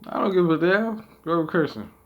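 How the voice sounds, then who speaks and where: A man's voice: a little high, animated, normal speed, highs cut off. A man giving casual gameplay commentary on his channel, rambling with lots of fillers, swearing and laughing as he talks. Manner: rambling, filler-heavy, profane; laughs often mid-sentence. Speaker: gaming channel host.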